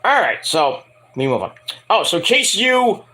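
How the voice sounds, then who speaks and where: A man's voice: sits high, very animated, unhurried, bright, forceful tone. A man giving a casual review vlog, rambling and swearing, mocking people as he goes. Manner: rambling, profane, mocking rants. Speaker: wrestling show reviewer.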